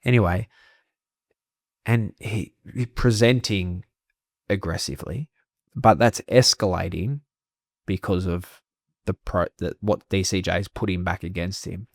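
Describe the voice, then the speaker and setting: An Australian man with a somewhat low voice, speaking frankly and swearing freely as he recounts his story. The sound is dry and close to the mic, with no room echo. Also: steady tone, measured pace, pauses often. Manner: frank, swears freely, laughs through hard memories. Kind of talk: candid conversational storytelling.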